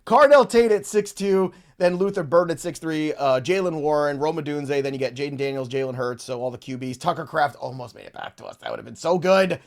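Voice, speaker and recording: A man's voice: fairly high pitch, quick pace, creaky, few pauses. A man hosting a casual podcast chat, rattling off lists of names and thinking aloud as he goes. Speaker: podcast host. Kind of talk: casual fantasy football chat.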